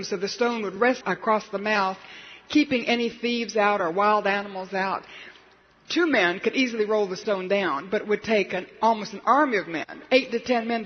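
High husky voice, guy preaching a story, dramatic, echoey dull hall sound. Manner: dramatic storyteller, acts out quotes. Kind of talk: sermon storytelling.

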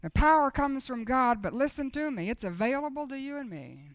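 A woman preaching a sermon, moving between soft, intimate asides and loud, declaiming proclamation. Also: high-pitched, animated, brisk, no echo.

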